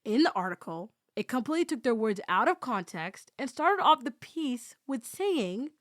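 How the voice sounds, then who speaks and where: Animated woman podcast host, dry close sound. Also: a little high, moderate pace, no room sound. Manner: animated, excitable, acts out quoted dialogue. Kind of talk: casual storytelling narration.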